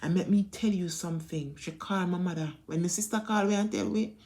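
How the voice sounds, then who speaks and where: Jamaican woman vlogger, lowish voice, emphatic casual storytelling that keeps calling out to viewers. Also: quick pace, warm tone. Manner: emphatic, repetitive, keeps addressing viewers directly.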